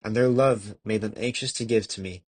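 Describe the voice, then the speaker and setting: A young man with a fairly low voice reads an old devotional text as an amateur audiobook. His delivery is measured and earnest, stumbling now and then and restarting a word. The close, dry recording has almost no room sound. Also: steady tone, darkish tone, dry recording. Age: young adult. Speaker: audiobook reader.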